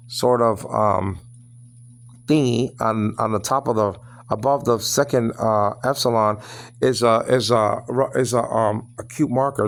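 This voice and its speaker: Gravelly male teacher, loose lesson delivery, stops and restarts a lot. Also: medium pitch. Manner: repeats "you understand what I'm saying?"; halting, many fillers and restarts. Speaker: Greek teacher. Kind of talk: informal lesson.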